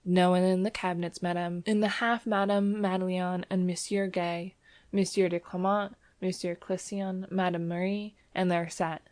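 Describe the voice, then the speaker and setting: A woman's voice: lowish voice, little pitch movement, normal speed, darkish tone, lightly acted. A woman narrator voicing a bowing restaurant waiter who murmurs deferentially. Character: obsequious male restaurant waiter.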